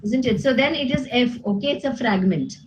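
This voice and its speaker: A woman's voice: a little high, fairly quick, muffled recording, a little hiss or hum. A woman teaching grammar to a class, patiently explaining and checking in with "you know" and "okay?". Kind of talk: classroom lesson with student responses.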